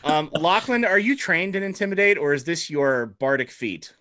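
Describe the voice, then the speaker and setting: A man running a tabletop game as game master, his voice bright and fairly high. He narrates playfully and laughs easily. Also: animated, moderate pace.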